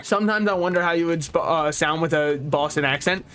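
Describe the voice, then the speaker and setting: A man's voice: a little high, a little fast, clean tone. Sardonic young man streaming a game. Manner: sardonic, dark deadpan jokes. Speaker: VTuber streamer. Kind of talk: casual gameplay commentary. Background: faint game music.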